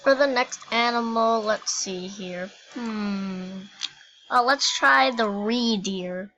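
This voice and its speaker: Slow-talking playful woman gamer. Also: a little high, sharp tone, muffled recording, a little hiss or hum. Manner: playful and giggly, silly jokes. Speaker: gaming YouTuber. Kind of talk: gameplay commentary.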